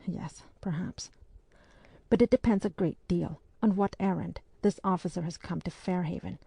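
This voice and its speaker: A woman reading the part of a brisk, firm English spinster hostess in an audiobook. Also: fairly low pitch, creaky, mellow, slightly rough, dry recording.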